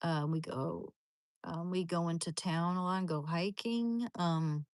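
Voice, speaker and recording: Chatty, low-voiced woman streaming. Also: a little slow, a little mellow, no echo. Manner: chatty and rambling, with many restarts. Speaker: live streamer. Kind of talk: casual livestream chat.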